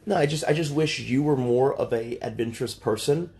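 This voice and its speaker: A man's voice: mid-range voice, fairly quick, darkish tone. A man in his thirties arguing heatedly on a livestream, lecturing and exasperated, swearing often. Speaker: streamer.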